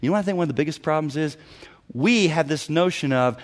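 A middle-aged man preaching a sermon as a pastor, animated, often acting out other people's voices and breaking into sudden loud bursts. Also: a little high, quick pace.

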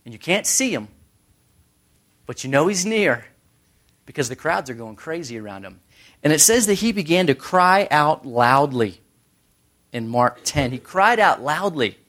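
A man preaching a casual sermon who tells stories and briefly acts out the crowds. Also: a little high. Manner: conversational, animated storytelling with quick voices for crowds. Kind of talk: casual sermon with acted-out scenes.

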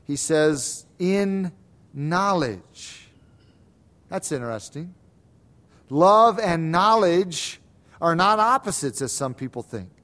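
A pastor preaching a sermon, swinging between soft lines and emphatic, repeated calls. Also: male voice, a little high, lively intonation, slow pace, long pauses. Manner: repeats words for stress.

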